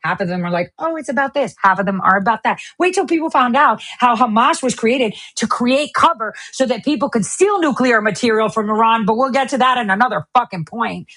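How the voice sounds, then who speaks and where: Angry woman host, husky voice, swearing, sarcastic political rant. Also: on the high side, lively intonation, fairly quick, few pauses, fairly bright tone. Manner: heated, profane, sarcastic.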